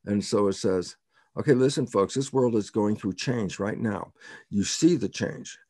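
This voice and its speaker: A man's voice: fairly low pitch, normal speed, dark tone, dry recording, studio quality. An older man being interviewed as a scientist, explaining in an emphatic way, repeating key words and quoting himself.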